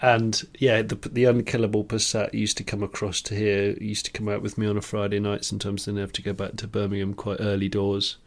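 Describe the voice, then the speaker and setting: A man's voice: on the low side, monotone, brisk, few pauses. A man co-hosting a podcast, telling casual, rambling anecdotes with frequent restarts and chuckles. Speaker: podcast co-host. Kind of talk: casual chat.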